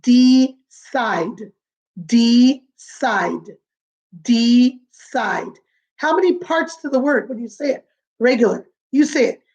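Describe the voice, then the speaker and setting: A woman teaching a remote lesson to young children, patient and sing-song, repeating words slowly. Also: high-pitched, animated, a little mellow, muffled recording. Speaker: kindergarten teacher.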